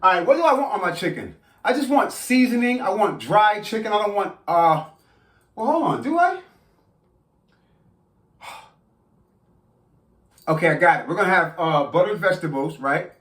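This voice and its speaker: Man, casual cooking-vlog host, excitable, very lively pitch, addresses viewers directly from a home kitchen. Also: normal speed, long pauses. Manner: excitable, talks straight to viewers. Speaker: cooking vlogger.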